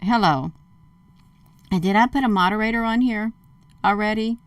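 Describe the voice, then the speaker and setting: A mid-range female voice at a moderate pace, no echo, belongs to a livestream host. She talks to viewers with urgency and emphasis, says "you all", and responds to comments while continuing.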